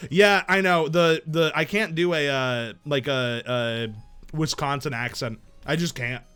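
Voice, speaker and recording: A man's voice: medium pitch, unhurried, fairly bright tone, smooth, faint music behind. A man streaming a game live, thinking aloud in casual, profane chat.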